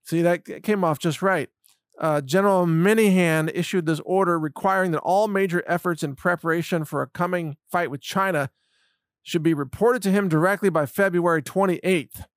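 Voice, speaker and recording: A man's voice: sits high, normal speed, smooth, no echo, clean studio sound. A man giving a solo commentary monologue, sarcastic and mocking, with scoffing laughs. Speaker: political commentator.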